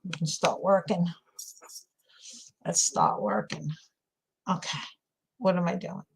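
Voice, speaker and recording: A woman's voice: on the low side, slow pace, gravelly, breathy edge. A woman with a New York accent, chatting casually with viewers while crafting, laughing often. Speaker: craft livestream host.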